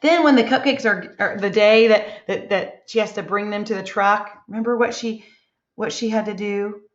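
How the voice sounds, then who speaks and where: A woman teacher leading a slow, encouraging reading lesson for young children, asking many tag questions. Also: medium pitch. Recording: echoey room, dull lo-fi sound.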